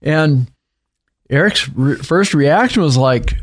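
A man's voice: fairly high pitch, slow pace. A man, an author being interviewed, telling a story conversationally and acting out what people said. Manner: animated retelling with acted quotes and laughs. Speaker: author and guest.

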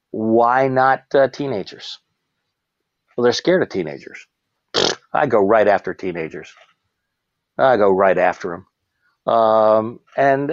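A man who works as a clown, telling stories in a casual interview, animated and quick to laugh, jumping into high shouted voices when quoting people. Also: dry recording, dull audio. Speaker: professional clown, guest.

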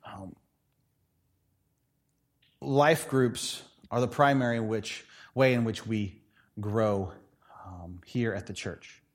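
A man's voice: fairly low pitch, steady tone, takes it slowly, pauses often. A man preaching a church sermon, telling stories animatedly, acting out quoted voices and laughing often. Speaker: pastor.

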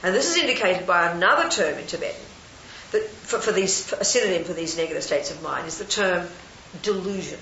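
An older woman, a Buddhist nun, giving a lively, chatty talk to a live audience and often asking them questions. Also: lowish voice, a little fast. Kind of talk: casual dharma talk to an audience. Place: hall with an audience. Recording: roomy, lo-fi, faint hiss.

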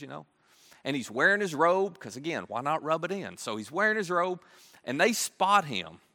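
A male pastor tells a story from the pulpit in a lively, chatty way, tossing in playful asides. His voice is bright and swings widely in pitch, and it rings out with the long reverb of a big hall. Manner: animated, conversational retelling with playful asides. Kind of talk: sermon storytelling.

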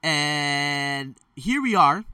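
A man's voice: on the high side, extremely slow, smooth, no room sound, far from the mic. A man in a casual vlog, telling a childhood story in a loose, rambling way, with many fillers and self-corrections. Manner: animated, jumps into quoted voices. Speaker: storyteller vlogger. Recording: dry sound, set back from the mic.

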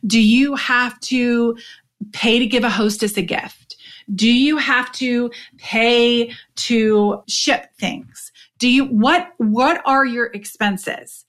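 A woman hosting a podcast, coaching direct sellers in a chatty, animated way and talking straight to her listeners. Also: fairly high pitch, slow. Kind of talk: solo podcast talk.

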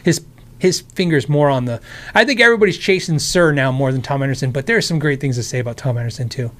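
A man's voice: on the high side, fast, fairly bright tone. An American man hosting a casual live stream, answering chat questions about guitars in a rambling, friendly way, his voice tired and worn. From United States. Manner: rambling, friendly, with many restarts and asides.

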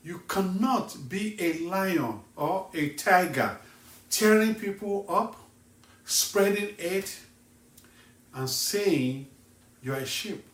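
Nigerian evangelist guy preaching real slow and emphatic, kinda high voice, far off in an echoey room. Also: lively intonation. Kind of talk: sermon. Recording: echoey room, voice set back from the mic.

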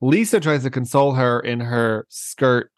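A man's voice: medium pitch, moderate pace, no echo, studio quality. A man podcast co-host in casual gossip chat, recapping a story and laughing often.

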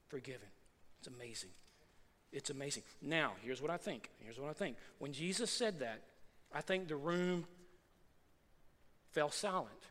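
A high-pitched man preaches with a bright, ringing tone, acting out the people of the story as he goes. His voice trails off in the long reverb of a big hall. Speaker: pastor. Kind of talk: sermon.

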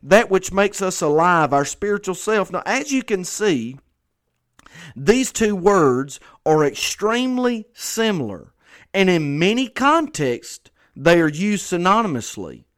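A pastor delivering a conversational sermon, earnest and repeating phrases for emphasis. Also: male voice, high voice, sing-song, a little slow.

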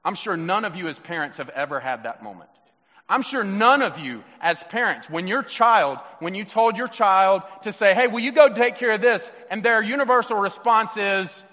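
Bright, fairly high-pitched male pastor delivering a sermon in a church whose long reverb rings after each phrase. He moves between loud, emphatic questions and quiet, hushed reflection, and he acts out the voices he quotes. The recording sounds a little muffled. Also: animated, normal speed. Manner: acts out quoted voices of Jesus, children and himself. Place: church sanctuary.

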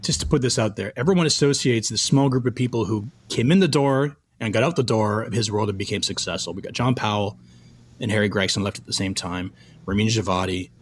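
A man's voice: on the low side, slight background noise. A middle-aged man from Canada, a film composer, telling stories from his career in a casual interview and acting out the lines of the people in them. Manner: animated, acts out quoted dialogue.

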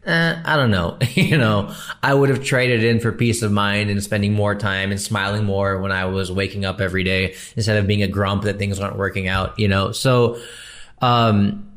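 A young man with a somewhat low voice hosts a solo podcast. He speaks casually and candidly, wandering between thoughts and often correcting himself as he goes. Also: a bit bright. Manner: rambling, candid, self-interrupting. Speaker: podcast host.

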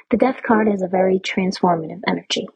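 A woman with a very breathy, husky voice talks through a loose, personal podcast monologue, cursing freely and laughing often. Her delivery is frank and chatty, and she keeps tagging lines with "right?". The sound is close and dry, with no room around her. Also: medium pitch, normal speed, a little mellow, dry recording, dull audio. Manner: candid and profane, often laughing, asks "right?". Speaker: podcast host. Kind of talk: casual spiritual monologue.

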